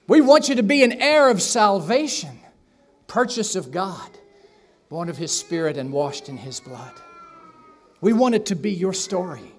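A man preaching a sermon in a church, telling a story with acted-out voices and asking the congregation questions. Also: sits high. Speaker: pastor. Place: church sanctuary.

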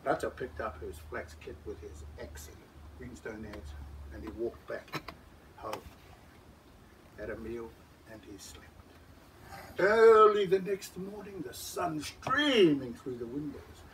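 A man telling a story to schoolchildren, dramatic, shifting from whispers to loud calls. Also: mid-range voice, slow. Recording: distant mic with background noise.

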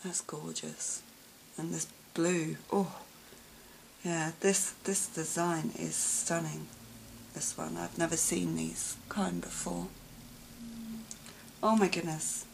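A woman filming a craft gift unboxing vlog, gushing and gasping with delight and often dropping to a soft whisper. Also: on the low side, fairly even intonation, takes it slowly, creaky, long pauses, background noise. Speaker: craft vlogger.

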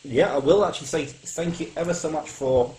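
A man's voice: fairly high pitch, fairly quick, noisy background. A man hosting a casual chat, laughing easily and chipping in short agreeing replies. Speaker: show host. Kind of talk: casual video-call chat.

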